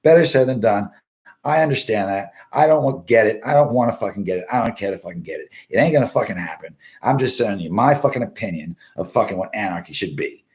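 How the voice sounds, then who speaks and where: A man's voice: lowish voice, expressive, fast. A man hosting a casual live stream, commenting on the news in a blunt, constantly swearing rant. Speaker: live show host.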